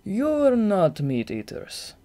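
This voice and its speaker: A reader voicing a giant, calm and menacing male jungle bat in a fan audiobook, with a measured, breathy delivery. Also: mid-range voice, full character voice. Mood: coolly explaining. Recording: home-recorded audiobook.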